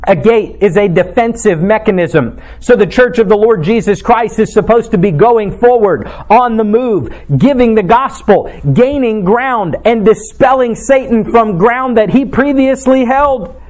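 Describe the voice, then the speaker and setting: A man with a notably high voice preaches to his congregation in a church. He delivers his sermon earnestly and with emphasis, weaving in scripture quotations. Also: unhurried, hardly any pauses, a little mellow. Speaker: pastor.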